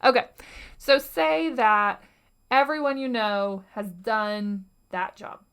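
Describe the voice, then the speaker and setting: A woman in her young adult years hosts a motivational podcast on her own, with a fairly high voice. Her delivery is slow and unhurried. She speaks earnestly and acts out inner voices, now and then sinking to a hush. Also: clear, resonant tone. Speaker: podcast host. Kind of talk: motivational solo podcast talk.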